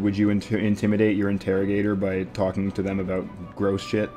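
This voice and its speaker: A man's voice: lowish voice, monotone, fairly quick, dark tone. A man in a casual group chat, asking laid-back questions and easily amused, with faint music behind.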